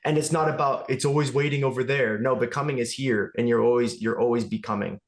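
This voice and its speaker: Earnest guy chatting as a podcast guest, mid pitch, kinda echoey room. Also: steady tone, fast. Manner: earnest, reflective, thinking aloud. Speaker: guest, movement studio owner. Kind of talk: casual conversation.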